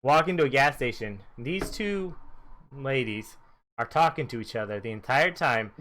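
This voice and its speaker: A man's voice: mid-range voice, expressive, normal speed, a bit bright. A man co-hosting a podcast, teasing his co-host and rambling through casual anecdotes. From Texas and Michigan. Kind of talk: casual chat.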